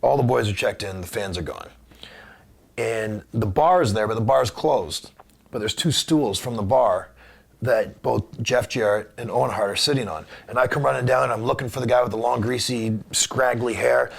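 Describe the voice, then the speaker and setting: A middle-aged former wrestler tells stories in an interview, acting out the dialogue with energy. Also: male voice, mid-range voice, gravelly, breathy edge. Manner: animated storyteller, acts out dialogue; subdued and halting on somber memories. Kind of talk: conversational storytelling.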